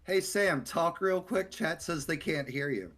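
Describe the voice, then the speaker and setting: Man, host, casual stream chat, bright tone, teasing. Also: a little high, measured pace. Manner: teasing, animated.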